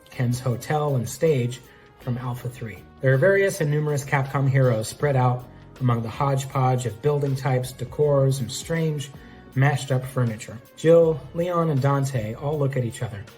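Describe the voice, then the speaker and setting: A man reads scene directions from his own script in a mid-pitched, plain voice. He delivers them steadily, with soft music faintly underneath. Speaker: fan script writer and reader. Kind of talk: reading a script aloud.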